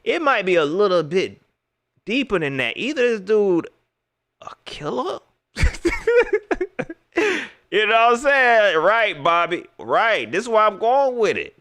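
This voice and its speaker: Animated, slangy sports talk host. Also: male voice, high-pitched, a little slow, pauses often. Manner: animated, slangy, repeats himself, talks straight to viewers. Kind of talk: casual livestream sports talk.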